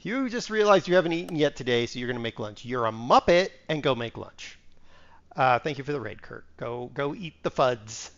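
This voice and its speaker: A man's voice: medium pitch, expressive, moderate pace, dull audio. A man casually chatting to his viewers while playing a game live, rambling and muttering to himself. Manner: rambling, talks to himself, mutters part numbers. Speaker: streamer. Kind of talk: casual live-stream chat while gaming.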